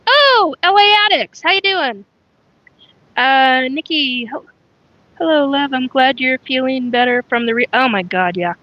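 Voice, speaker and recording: A woman's voice: on the high side, dry recording, dull audio. A woman hosting a casual live stream, rambling frankly and greeting viewers by name as she talks. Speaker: livestream host.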